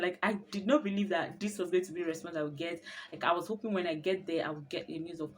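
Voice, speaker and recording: A young woman telling her birth story in a casual vlog, expressive and often laughing as she talks. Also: fairly low pitch, fast, few pauses, a little hiss or hum.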